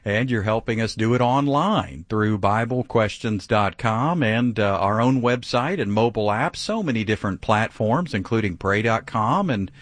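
A man's voice: fairly low pitch, lively intonation, moderate pace, few pauses, dry recording. A man hosting a live call-in radio show about faith, talking conversationally with frequent fillers. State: clearing his throat, choked up. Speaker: radio talk show host.

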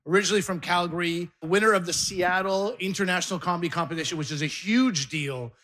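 A man emceeing a comedy show, hyping up the next comic and building to a shout. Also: high voice, quick pace.

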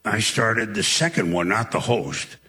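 An older man, a veteran broadcaster, reminiscing as an interview guest with relaxed, halting storytelling. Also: lowish voice, noisy background.

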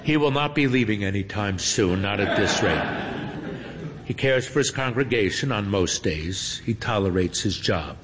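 A man narrating a story in an unhurried, dry and wry manner. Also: fairly low pitch. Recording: faint hum with long reverb.

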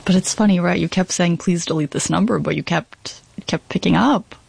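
A podcast host narrating a documentary script in a measured way and asking the guest probing questions. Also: mid-range voice, vocal fry, slightly rough, no room sound.

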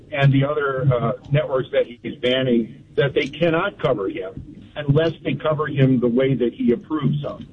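A man calling in to a radio show over a thin, tinny phone line with a faint hiss. He stays calm and dry while he presses his argument. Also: medium pitch. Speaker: caller. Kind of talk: call-in debate.

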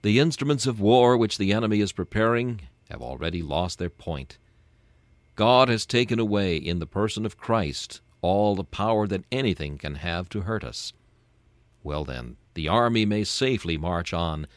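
Deep-voiced man reading a solemn devotion. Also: expressive, no room sound. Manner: solemn, measured, preacherly. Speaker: devotional reader.

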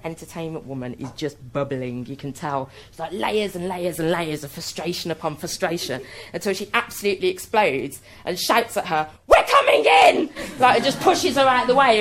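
A woman telling a comic personal anecdote in an animated, self-mocking way. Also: medium pitch. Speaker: storyteller.

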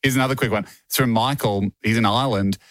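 A man co-hosting a light, jokey podcast who breaks into laughter easily. He reads listener letters in a slightly lower, steadier voice. The sound is dry and close, with no room around it. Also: quick pace, a bit bright, no room sound. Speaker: podcast co-host. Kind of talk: casual comedic chat, reading listener messages.

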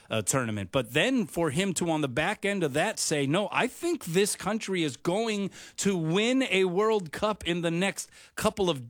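A man's voice: on the high side, dry recording, clean studio sound. A man hosting a sports radio show, chatting casually with many uhs and ums and laughing easily.

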